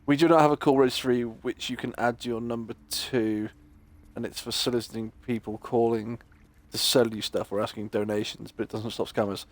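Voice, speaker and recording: A man chatting casually while he streams a game, telling jokey stories in an animated way and mimicking other people's voices. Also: mid-range voice, fairly quick. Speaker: gaming streamer. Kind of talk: casual chat while playing.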